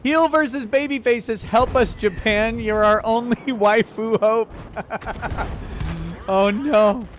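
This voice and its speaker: High-pitched ranting male streamer. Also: slow pace, a little hiss or hum. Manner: loud, laughing, exaggerated rants. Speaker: streamer reading viewer messages. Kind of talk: casual ranting commentary while gaming.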